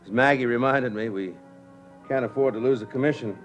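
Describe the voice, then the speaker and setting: A man's voice: medium pitch, brisk, soft background music, natural voice, rough recording. An actor playing an anxious painter and father who hesitates and frets. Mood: worried. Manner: hesitant, many uh's, fretful.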